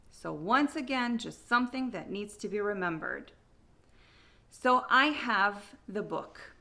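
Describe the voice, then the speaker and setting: A woman teaching an English grammar lesson, drilling example sentences slowly and exaggerating the rise on questions. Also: medium pitch, creaky, bright, forceful tone.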